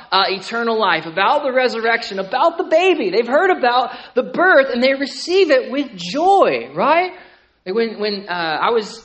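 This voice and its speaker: Animated pastor preaching, full of "right?". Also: male voice, high voice. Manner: animated, repeats words while building a point; checks in with listeners by asking "right?". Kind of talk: sermon.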